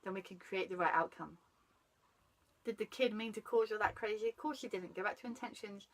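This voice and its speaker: A woman's voice: medium pitch, fairly quick, rough recording. A woman, chatting animatedly about parenting and breaking off to greet passers-by. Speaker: parenting guest. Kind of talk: casual chat about parenting.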